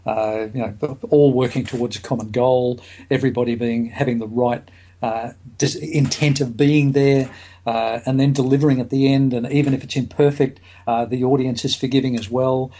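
A man's voice: mid-range voice, fairly even intonation, moderate pace, dark tone. A middle-aged man, a psychologist and author, talking as a podcast guest, hesitant with many fillers and restarts. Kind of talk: podcast interview.

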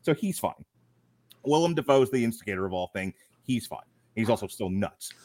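Animated man reviewing a film. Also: fairly low pitch, fairly quick. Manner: animated, laughing, acts out quotes. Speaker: podcast co-host. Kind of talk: casual film review chat.

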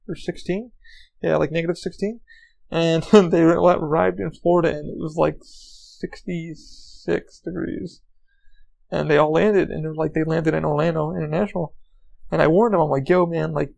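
A man's voice: a little high, gravelly, a little mellow, low-quality recording. A man hosting his own podcast, rambling through a casual story with lots of swearing, fillers and restarts. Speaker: podcast host. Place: lives in Orlando, Florida.

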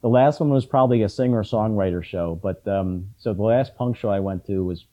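A middle-aged man chatting casually about concerts, often halting and restarting his sentences with ums. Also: fairly low pitch, dark tone, lo-fi sound. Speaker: punk fan in conversation. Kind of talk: casual chat.

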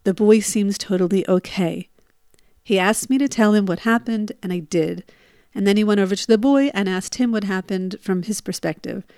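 A woman's voice: mid-range voice, brisk, darkish tone, clean tone, no room sound, clean studio sound. A woman in her forties telling a personal story, reliving her panic with emotional bursts.

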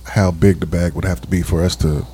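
Husky, lively low-voiced co-host man. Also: fairly quick. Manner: animated, blunt interjections. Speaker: podcast co-host. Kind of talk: casual podcast chat.

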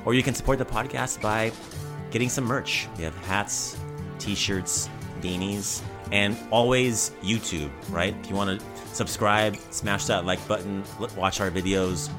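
Low-ish guy hosting a podcast, joking around and plugging stuff, music going behind. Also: steady tone, moderate pace. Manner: upbeat, jokey, rambling plugs. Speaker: podcast host. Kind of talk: casual podcast banter.

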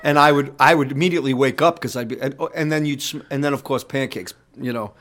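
Middle-aged guy, musician on an interview, rambly and lively, swears a lot, cuts himself off and restarts. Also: medium pitch, fast. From New York. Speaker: guest musician. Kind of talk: casual interview storytelling.

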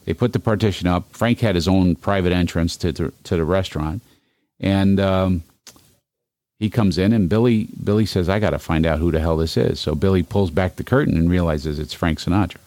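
Deep-voiced man telling rambling stories. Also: brisk, darkish tone, no echo, studio quality. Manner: rambling anecdotes with many fillers. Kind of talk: casual storytelling chat.

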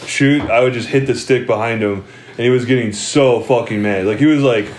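A man's voice: medium pitch, brisk, a little mellow, a little hiss or hum. A young man telling stories in casual chat, rambling, laughing often and swearing freely. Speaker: podcast co-host.

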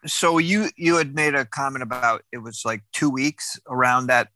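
A man's voice: medium pitch, moderate pace, sharp tone. A man hosting an interview who speaks earnestly and sympathetically, thinking aloud as he responds. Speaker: host. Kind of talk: conversational interview.

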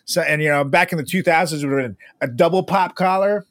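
A man's voice: a little high, quick pace, fairly bright tone, no echo. A man co-hosting a casual comedic chat, laid-back and rambling with many fillers.

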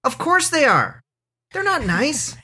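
A man's voice: very high-pitched, huge pitch swings, takes it slowly, pushed and bright. A man co-hosting a comedy podcast, chatting loosely and joking with his co-host. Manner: loose, rambling, jokey. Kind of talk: casual comedy podcast chat.

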